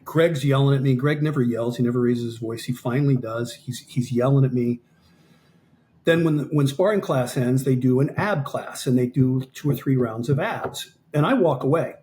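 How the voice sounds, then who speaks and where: A man in his fifties tells a story with energy, voicing each quoted line as he goes. His pitch sits mid-range, and faint noise hums behind him. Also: moderate pace. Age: 50s. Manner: animated storyteller, acts out quoted dialogue. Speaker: podcast guest, amateur fighter. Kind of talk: storytelling in an interview.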